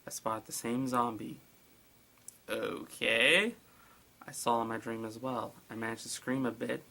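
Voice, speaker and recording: A man's voice: medium pitch, unhurried, vocal fry. A man reading a creepy story aloud and breaking off with sarcastic, exasperated comments. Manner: sarcastic, exasperated asides between hushed reading. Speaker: narrator.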